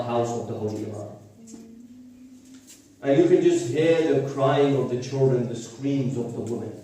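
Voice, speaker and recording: Male preacher, devotional sermon, half-sung grief, mellow tone, distant in a boomy hall. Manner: builds from quiet storytelling to wailing, half-sung grief. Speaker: speaker at a mourning gathering. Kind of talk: devotional sermon with chanted lament. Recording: echoey hall, voice from far off mic.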